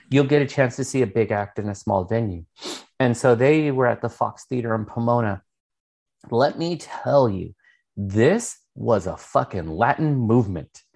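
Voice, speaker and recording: A man tells a long story on a podcast. He rambles, fills the gaps with "like" and "um", and swears freely. His voice sits at a middle pitch. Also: vocal fry, a little mellow. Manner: rambling storytelling, heavy filler words and swearing. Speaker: podcast co-host. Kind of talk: casual chat.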